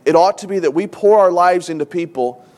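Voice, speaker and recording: A man's voice: sits high, fairly quick, a little mellow. A middle-aged man, a pastor, preaching a sermon with earnest, emotional storytelling and repeated phrases for emphasis. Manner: emotional storytelling, tearful at times.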